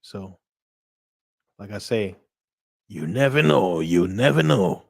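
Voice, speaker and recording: A man's voice: fairly low pitch, big pitch swings, takes it slowly, creaky. A man hosting a casual livestream, rambling, repeating himself and laughing often. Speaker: livestream host.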